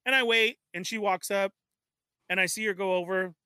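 A man telling an animated story in casual chat, laughing often and acting out the dialogue. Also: high voice, moderate pace, slight background noise. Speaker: show regular telling a story.

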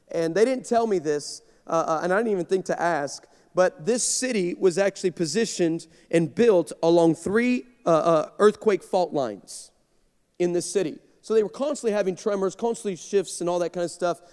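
A man preaching from the pulpit in a big church, his raised, bright voice carrying through a long, ringing reverb. He tells stories with energy and repeats himself as he presses his points. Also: high-pitched, a little fast, clear, resonant tone. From Texas. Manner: energetic, storytelling, repeats words when excited. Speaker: guest pastor. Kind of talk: sermon. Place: large church sanctuary.

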